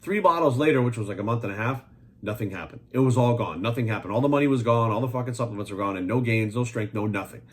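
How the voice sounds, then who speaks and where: Guy in his 40s going off on a rant, swears a ton, talks super fast, pushy and blunt. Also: medium pitch. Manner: profane, blunt, heated; rapid, pushy, talks straight at viewers. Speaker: fitness coach and supplement maker. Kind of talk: ranting monologue to camera.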